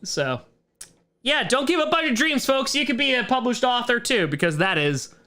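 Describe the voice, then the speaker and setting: A man with a fairly high voice hosts a relaxed livestream question-and-answer session. He rambles, cuts himself off and laughs between thoughts, then turns earnest when sharing his views. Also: normal speed. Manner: rambling, self-interrupting, laughs often. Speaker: streamer host. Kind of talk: casual livestream Q&A chat.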